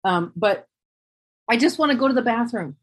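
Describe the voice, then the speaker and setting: A woman on a podcast panel, talking things through in a thoughtful, candid way, often pausing and restarting her sentences. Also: on the high side, expressive, slightly rough, poor audio. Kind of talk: reflective panel discussion.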